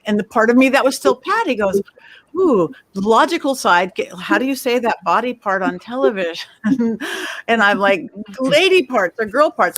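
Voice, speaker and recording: A middle-aged woman on a panel, telling lively stories and acting out the quoted voices in them. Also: medium pitch, no echo. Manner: animated storyteller, acts out quotes. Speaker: medium, panel guest. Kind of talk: casual panel chat.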